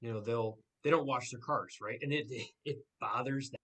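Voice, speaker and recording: A man's voice: medium pitch, normal speed, a bit bright. A man in his twenties, a small business owner, talking in loose rambling sentences and agreeing with the host. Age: 20s. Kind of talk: casual chat.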